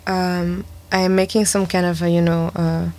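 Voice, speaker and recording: A woman hosting a radio show, chatting in a slow, thoughtful, hesitant way. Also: on the low side, little pitch movement, a little mellow, poor audio. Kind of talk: casual chat.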